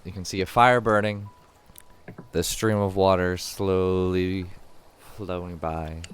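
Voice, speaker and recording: A man narrating a tabletop role-playing game as game master, describing scenes in a casual, halting way with many fillers. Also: fairly low pitch, fairly bright tone, clean tone.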